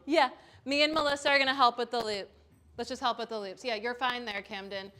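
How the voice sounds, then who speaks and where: A woman teaching a live yoga class in a studio, giving calm step-by-step cues with casual asides. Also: on the high side, fairly quick. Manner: calm cueing with chanted Sanskrit and casual asides.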